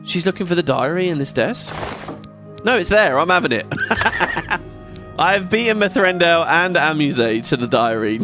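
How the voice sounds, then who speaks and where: A man giving casual gameplay commentary as a let's play host, chatty and excitable, swearing often. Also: on the high side, unhurried. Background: game music.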